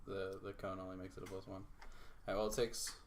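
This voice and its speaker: A man's voice: low voice, completely flat delivery, fairly quick. A man playing in a tabletop game, chatting casually and joking. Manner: playful, joking. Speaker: player. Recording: faint background noise.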